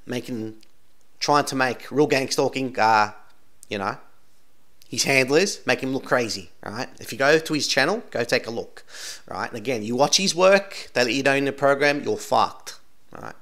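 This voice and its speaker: A man's voice: mid-range voice, lively intonation, normal speed, a bit bright. A man talking through video clips in casual commentary, insistent and rambling, tagging almost every sentence with "right?". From Australia. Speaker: channel host commenting on videos.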